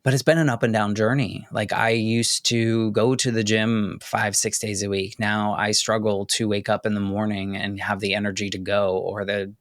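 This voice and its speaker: A man hosting a podcast, speaking candidly and haltingly about a painful loss, choking up at times. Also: on the low side, little pitch movement, no room sound, clean studio sound. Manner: candid, halting, with many restarts and "like" fillers. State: choking up with emotion. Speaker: podcast host. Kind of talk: personal reflective monologue.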